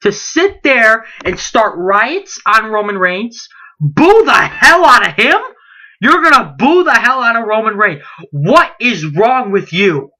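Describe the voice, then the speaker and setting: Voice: medium pitch, big pitch swings, slow pace, bright, forceful tone. A late-teen wrestling vlogger in a heated, indignant rant, firing off rhetorical questions and repeating himself. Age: late teens.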